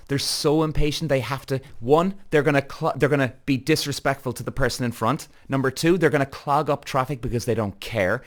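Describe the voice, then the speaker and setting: A man with an Irish accent, a podcast host telling a heated story straight to his viewers, swearing freely. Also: on the high side. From Ireland. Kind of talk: animated storytelling rant.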